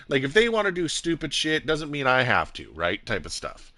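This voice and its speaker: A man's voice: medium pitch, wildly swooping pitch, moderate pace, pushed and bright, no room sound. A man streaming live and chatting casually about gaming, talking in a rambling way and acting out quotes in other voices.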